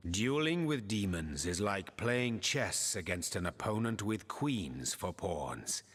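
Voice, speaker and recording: A man's voice: fairly low pitch, big pitch swings, slow pace, a bit bright, long reverb tail, exaggerated voice. An actor voicing a stern male demon hunter who lectures in a formal, preaching way, in video game dialogue. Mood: lecturing.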